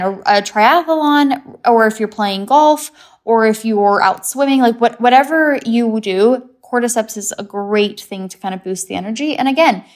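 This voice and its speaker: An English-born woman, a guest expert, explaining things in an upbeat, chatty way with simple memory tricks. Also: on the high side. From England. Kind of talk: casual chat.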